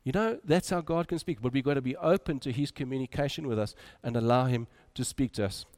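A man preaching a sermon, moving between loud urging and quiet, soft drops. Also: mid-range voice, fast.

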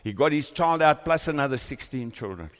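Through a microphone on a stand, a male pastor delivers a sermon in a church hall full of congregants, his praying and storytelling growing ever more intense. He speaks a little fast in an animated, mid-range voice, and the sound carries a long reverb tail.

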